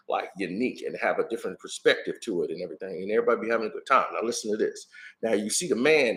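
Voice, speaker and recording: A man doing an impression of a middle-aged male music star, rambling in low, mumbled street slang. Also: fairly bright tone, natural voice.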